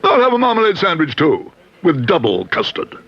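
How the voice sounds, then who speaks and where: A man voicing a bluff old gentleman diner, speaking in brusque, clipped phrases in a cartoon. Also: on the high side, huge pitch swings, brisk, full character voice. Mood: gruff. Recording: dull old TV soundtrack with hiss.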